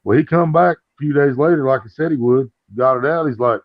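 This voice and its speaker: A man hosting a casual chat, telling profane stories and acting out the other people's lines in a higher voice. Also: fairly quick, few pauses, no echo. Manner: profane, acts out quoted dialogue in a higher voice. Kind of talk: casual storytelling. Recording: dull lo-fi sound.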